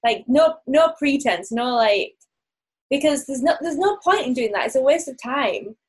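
A woman's voice: high voice, expressive, moderate pace, husky, low-quality recording. A woman chatting casually, asking questions and giggling often. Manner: giggly, asks questions lightly. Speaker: podcast co-host asking questions. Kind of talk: casual chat.

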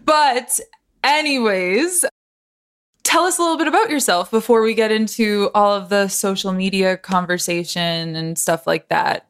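A young woman from Massachusetts hosting a casual podcast chat, bubbly and quick to laugh. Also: medium pitch, clean tone, dry recording, studio quality. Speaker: podcast host.

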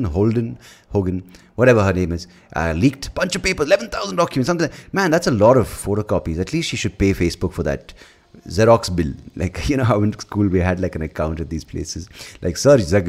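A man with an Indian English accent, hosting a podcast and ranting in a rambling, profane, casual way, often correcting himself. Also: low voice. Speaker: comedian podcast host. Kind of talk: casual rant.

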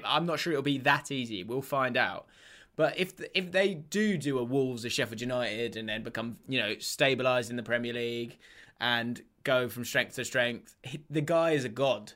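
A man co-hosting a football podcast, telling stories in animated, laughing banter. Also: mid-range voice. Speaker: podcast co-host. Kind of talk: casual chat.

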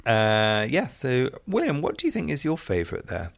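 A man's voice: medium pitch, huge pitch swings, moderate pace, vocal fry. A man co-hosting a podcast, reading listener messages aloud with playful asides in casual chat.

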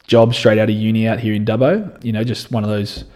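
Mellow-voiced young Australian man. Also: on the low side, brisk. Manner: relaxed and conversational, often says "you know" and restarts phrases. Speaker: interview guest. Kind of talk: reflective personal storytelling.

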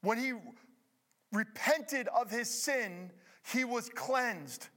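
A middle-aged man preaching with a high, reedy voice. He swings from ringing emphasis down to quiet, confiding asides, the pace speeding up and slowing down as he drives his points home. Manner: dramatic preaching with wide swings between loud emphasis and hushed asides. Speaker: pastor. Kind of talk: sermon.

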